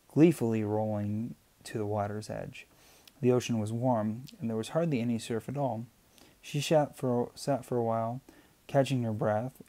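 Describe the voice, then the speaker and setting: A man reads a novel aloud at a steady pace, stumbling and restarting now and then. His voice is mellow and mid-pitched. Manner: steady, with small slips and restarts. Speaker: amateur reader. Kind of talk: audiobook reading.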